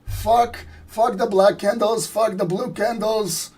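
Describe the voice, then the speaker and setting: A raspy, hot-tempered gangster boss barks out his lines with a swagger, as a man puts him on. The voice sits a little high and sounds rough and husky. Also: fairly even intonation, takes it slowly, darkish tone, heavily acted.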